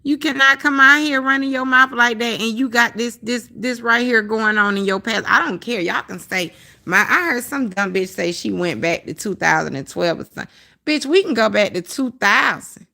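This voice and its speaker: Woman, livestream host, gravelly, sharp bright tone, blunt profane heated ranting. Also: on the high side, moderate pace. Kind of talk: casual ranting livestream commentary.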